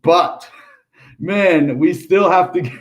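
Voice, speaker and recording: American dude going over crypto charts on stream, casual and upbeat, lots of ums. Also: male voice, high-pitched, slow. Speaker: crypto channel host. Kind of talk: casual chart analysis livestream.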